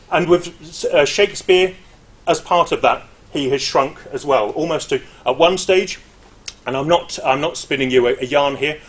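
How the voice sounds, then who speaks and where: Chatty and lively, this middle-aged man is a university lecturer presenting academic material informally, hesitating often and wandering into asides. His voice sits on the high side.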